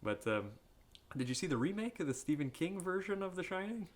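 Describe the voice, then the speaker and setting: A man's voice: high-pitched, very animated, fairly quick. Rambling, profane man on a film podcast. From upstate New York. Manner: profane, rambling, laughing often. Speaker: podcast co-host. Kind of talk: casual film chat.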